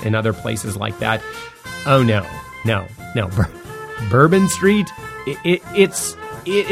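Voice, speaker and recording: A podcast host telling a story in a casual, animated way, laughing often, his voice jumping up when he gets excited. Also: mid-range voice.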